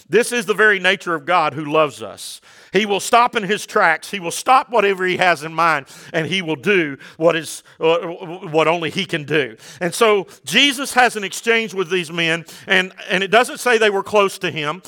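A man preaching a sermon to his congregation, talking casually with the room and rising to loud, fervent exhortation. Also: high-pitched, moderate pace. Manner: conversational preaching that builds to shouted exhortation. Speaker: pastor.

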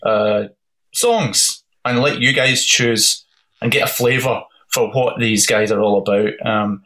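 A man's voice: fairly low pitch, slow pace, sharp tone, low-quality recording. Hesitant man chatting about music. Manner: hesitant, many ums. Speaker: podcast co-host. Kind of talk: casual music chat.

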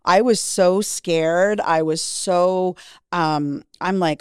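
Frank, lowish-voiced middle-aged woman. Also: slow, clear, resonant tone, no echo, studio quality. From Canada. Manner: frank, profane, acts out quoted voices. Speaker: interview guest. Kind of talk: candid storytelling.

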